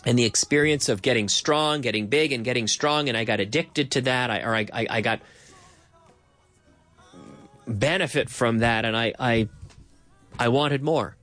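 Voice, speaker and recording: A man hosting a casual English lesson, explaining slowly, repeating phrases and adding Spanish translations. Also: medium pitch, lively intonation, a bit bright, no room sound, faint music behind. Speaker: English teacher host.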